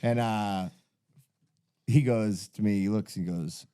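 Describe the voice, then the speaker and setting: A man's voice: fairly low pitch, steady tone, slow pace, long pauses, warm tone, clear, resonant tone. A man telling a long rambling story on a podcast, full of fillers. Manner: rambling, heavy fillers, laughs at own story. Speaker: podcast host. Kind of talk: casual storytelling.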